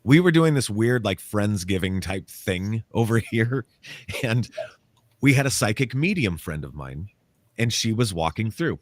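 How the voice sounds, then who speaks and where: A man, a paranormal author and interview guest, telling a story in a casual, animated way and acting out the quotes. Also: fairly low pitch, measured pace, dry recording. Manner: animated, acts out quotes, laughs often.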